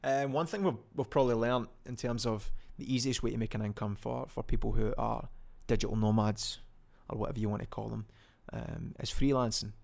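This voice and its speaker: A young man with a Scottish accent talks through his solo podcast in a loose, rambling way, often stopping to restart a thought. His voice has a gravelly edge at mid pitch. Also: fairly even intonation, fairly quick, hardly any pauses, a little mellow. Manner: chatty and rambling, lots of ums and self-corrections. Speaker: podcast host. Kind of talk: casual solo podcast chat.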